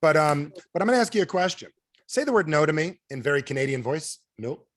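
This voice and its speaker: A man running a sales training over a video call, animated, firing questions at his audience and acting out quotes in a higher voice. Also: quick pace. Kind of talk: energetic coaching talk.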